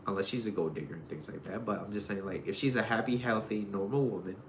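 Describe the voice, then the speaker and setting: A man's voice: lowish voice, quick pace. A man giving casual dating advice in a loose, rambling way, full of "like" and "you know". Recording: roomy echo with faint noise.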